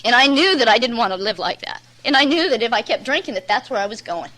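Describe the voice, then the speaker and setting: A woman's voice: a little high, animated, fast talker, pushed and bright, low-quality recording. A woman giving a candid personal testimony at a recovery meeting, rambling and plain-spoken with many asides. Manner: candid, rambling storyteller, many "you know"s.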